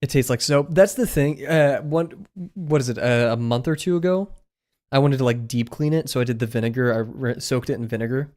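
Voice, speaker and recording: A man's voice: medium pitch, fairly quick, a little mellow. A man chatting casually on a live stream while he draws, rambling through asides with lots of filler words. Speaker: drawing streamer.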